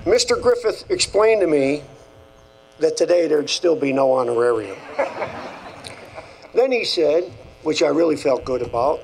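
A man's voice: a little high, lively intonation, unhurried, long pauses, a little hiss or hum, low-quality recording. Older man giving a folksy graduation speech. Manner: folksy, off-the-cuff storytelling with repeated phrases. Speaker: athletic director giving a commencement address.

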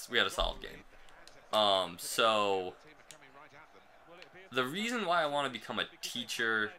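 A man's voice: on the low side, pushed and bright. A young man from the United States casually chatting about his life while commenting on a football video game, rambling and self-deprecating. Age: young adult. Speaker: gaming channel host. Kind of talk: casual gameplay commentary with storytelling.

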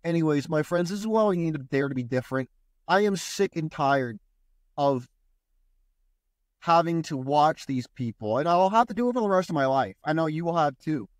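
A man with a high voice rants bluntly on his podcast, swearing freely and dripping with sarcasm. The sound is close and dry, with no room around it. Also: expressive, normal speed, no room sound. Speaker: podcast host. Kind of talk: ranting podcast monologue.

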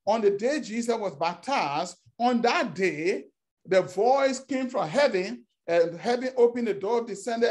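A man's voice: very high-pitched, darkish tone. Emphatic male preacher. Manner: emphatic, repeats phrases, acts out quoted dialogue. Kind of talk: sermon.

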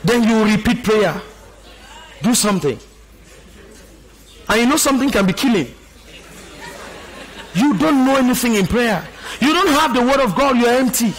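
A pastor preaching, passionate and often shouting out exclamations between scripture quotes. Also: male voice, very high-pitched, animated, moderate pace, long pauses. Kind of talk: sermon.

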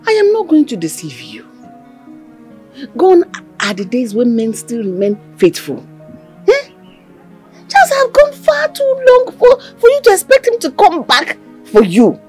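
An actress playing a middle-aged Nigerian mother in a film drama, coaxing and chiding her daughter in a husky voice, mixing in Igbo phrases. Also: high voice, huge pitch swings, unhurried, long pauses, a little mellow, faint music behind, full character voice.

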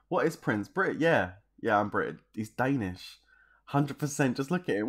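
Man, English accent, game streamer, casual rambling chat, laughs a lot, mid-pitched voice. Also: animated, normal speed. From southeast England.

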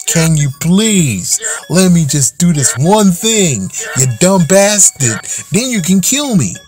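A man's voice: high-pitched, sing-song, slow pace, darkish tone. Swearing, ranting man with music behind. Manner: ranting, frequent swearing, exasperated. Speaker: gaming channel host. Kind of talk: angry gaming rant.

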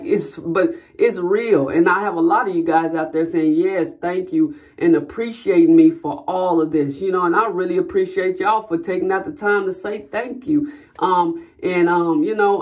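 A woman's voice: low-pitched, darkish tone. A woman talking casually to her viewers, chatty and repeating y'all often. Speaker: vlogger. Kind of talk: casual talk to camera.

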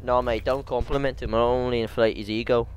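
A man's voice: mid-range voice, fairly even intonation, fairly quick, slight background noise, close to an everyday voice. A young man chatting while gaming in a headset, putting on a fake Australian accent, swearing and tacking "mate" onto his lines. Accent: fake Australian put on by a British speaker. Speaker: gamer. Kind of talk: casual gaming chat in a mock accent.

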